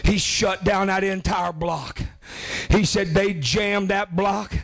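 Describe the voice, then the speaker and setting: A man's voice: sits high, fairly even intonation, slow, gravelly, fairly bright tone, faint music behind. A man preaching a revival sermon, chanting with a gasped "uh" before each phrase.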